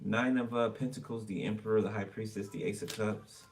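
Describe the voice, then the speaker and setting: A man with a fairly low voice gives a casual tarot reading, naming cards and commenting in a chatty, blunt way with the occasional curse. He sounds set back from a distant mic, with a faint hiss in the background. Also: fairly even intonation, a little fast. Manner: chatty, blunt, swears and laughs freely. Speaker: tarot reader.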